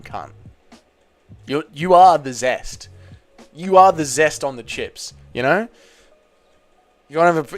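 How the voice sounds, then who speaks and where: An Australian man hosting a casual livestream, reading viewer comments aloud and bantering bluntly with plenty of swearing. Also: a little high. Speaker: livestream host.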